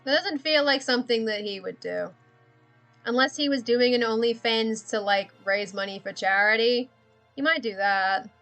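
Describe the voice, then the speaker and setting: A woman's voice: a little high, normal speed, fairly bright tone, faint music behind. A woman chatting casually on a livestream while she draws, rambling, thinking aloud and often giggling. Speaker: streamer.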